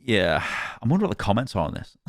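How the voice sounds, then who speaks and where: A man commenting on games, reacting to a review he reads aloud, animated and rambling, with frequent laughs and restarts. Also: on the low side, fairly quick, no room sound. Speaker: gaming commentator.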